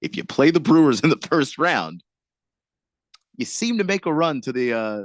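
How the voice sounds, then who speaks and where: A man's voice: fairly high pitch, big pitch swings, normal speed, dry recording, clean studio sound. A man co-hosting a casual sports radio show. He laughs often and stumbles over his restarts.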